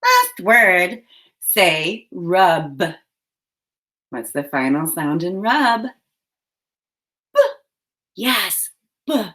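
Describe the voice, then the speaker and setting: A woman teacher leading a phonics lesson for young children, giving slow, clearly enunciated prompts. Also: on the low side, very animated, pushed and bright.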